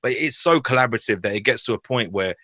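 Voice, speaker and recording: Fast-talking man with a London accent. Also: mid-range voice, no room sound. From West London. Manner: animated slangy storytelling, swears freely. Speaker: podcast guest. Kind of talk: casual podcast chat.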